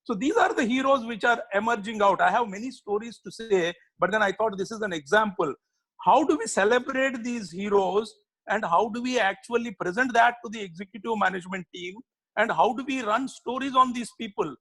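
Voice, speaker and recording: High-voiced man, gravelly. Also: brisk, a bit bright, low-quality recording. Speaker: panelist, business leader. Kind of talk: panel discussion. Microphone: video call.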